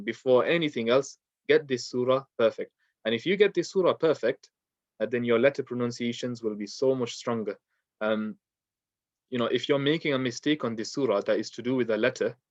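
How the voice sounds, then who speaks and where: A man's voice: medium pitch, no echo, dull audio. A man teaching an online Quran recitation class, patient and repetitive, with frequent ums and uhs.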